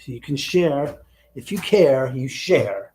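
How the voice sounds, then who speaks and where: A man's voice: mid-range voice, lively intonation, takes it slowly, a little hiss or hum. Grumbling man scolding the spirits. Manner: grumbling, cursing to himself, scolding unseen spirits; swings between sudden loud outbursts and whispered mutters. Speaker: host of a live ghost-hunting stream. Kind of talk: live stream, casual chat. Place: indoors in his own house, moving between rooms and stairs.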